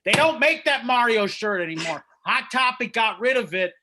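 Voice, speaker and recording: Rambling comedian hosting online open mic. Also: male voice, very high-pitched, lively intonation, moderate pace, background noise. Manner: rambling, self-deprecating, riffing with crowd. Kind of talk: stand-up comedy over video call. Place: small room at home. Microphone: home mic over video call.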